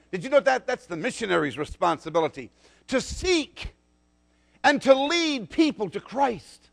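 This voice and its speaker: A man preaching a sermon, dramatic and swinging between loud declarations and soft, low asides. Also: big pitch swings, normal speed, creaky.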